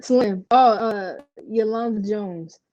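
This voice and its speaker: A young woman from Puerto Rico talks candidly as a guest in a casual interview. She tells her stories in an animated way with lots of fillers. Her voice is dark and dull, recorded dry with no room echo. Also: medium pitch, slow pace. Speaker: interview guest, professional basketball player.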